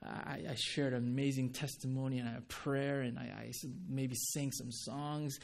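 A man's voice: mid-range voice, level tone, moderate pace, creaky. A man preaching a sermon, telling a personal testimony in an earnest, conversational way, with frequent restarts and light laughs. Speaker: pastor.

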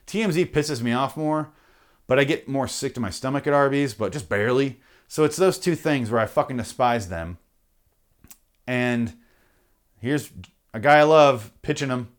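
A man's voice: mid-range voice, measured pace, long pauses. A man hosting a podcast, ranting in a profane, rambling, jokey way through the show's sign-off. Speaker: podcast host. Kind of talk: rambling comedic podcast outro.

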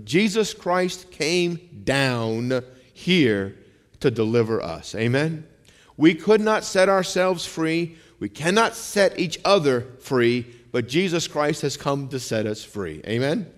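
A male pastor preaching a sermon in a conversational style, dropping low and quiet for some lines and rising for emphasis, asking the congregation for amens. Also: animated, measured pace. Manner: conversational preaching, calls out amen; shifts between quiet low lines and raised emphatic ones. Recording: long hall reverb.

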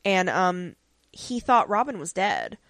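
A woman's voice: on the low side, sing-song, takes it slowly, a bit bright, dry recording. A woman co-hosting a podcast, recapping a TV episode in casual chat with plenty of ums and likes. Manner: chatty, many ums and likes, acts out lines in quotes.

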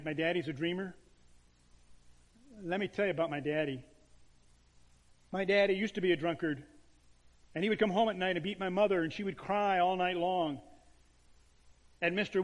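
A man's voice: sits high, fairly even intonation, normal speed, long pauses, in a large hall, lightly acted. A man telling it as an earnest little girl. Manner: earnest, plain-spoken. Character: earnest little girl defending her father.

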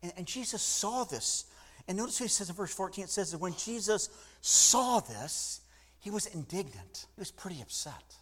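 Animated preaching man, slightly high voice. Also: moderate pace, slightly rough. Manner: animated preaching with many restarts, acting out quoted voices. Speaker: pastor. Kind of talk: sermon.

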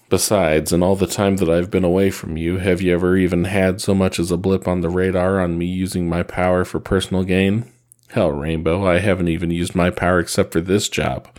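A man's voice: sits low, darkish tone, natural voice. A man voicing a blunt, hard-edged young male swordsman in a read-aloud story, curt and defiant.

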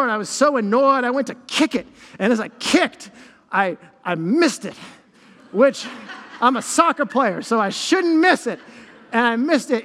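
High-voiced pastor preaching in a hall. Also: male voice. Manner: animated storytelling with self-deprecating humor. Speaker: lead pastor. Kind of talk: sermon.

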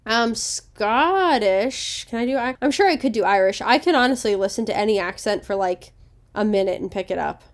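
A woman's voice: medium pitch, fast talker. Frank young woman sharing opinions. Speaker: podcast co-host. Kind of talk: casual chat.

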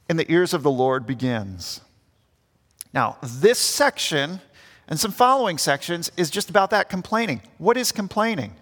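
A man's voice: high-pitched, a bit bright. A young man preaching an earnest sermon as pastor, acting out the grumbling voices he quotes. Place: church. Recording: long church reverb.

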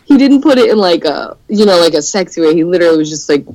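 A woman's voice: on the low side, animated, fast, a little mellow, a little hiss or hum, rough recording. A young woman co-hosting a podcast, chatting casually, giggling a lot and saying "like" often. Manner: giggly, oversharing, says "like" often. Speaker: podcast co-host. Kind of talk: casual chat.

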